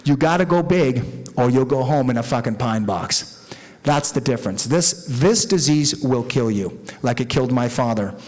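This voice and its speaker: A middle-aged man from Mexico, speaking at a recovery meeting in a profane, rambling, animated storytelling style before an audience. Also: mid-range voice, moderate pace. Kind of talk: candid storytelling talk.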